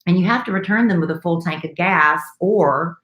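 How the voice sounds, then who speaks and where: A middle-aged woman co-hosting a radio show, telling a story in a chatty, lively way. Her voice sits low, and the recording has the ring of an echoey room. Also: moderate pace, lo-fi sound. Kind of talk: casual chat.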